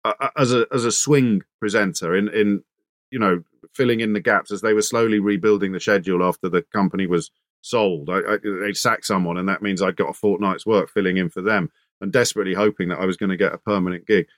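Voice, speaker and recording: A radio presenter telling stories as an interview guest, animated and anecdotal, with frequent restarts. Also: male voice, deep voice, fast, no room sound, studio quality. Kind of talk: casual interview storytelling.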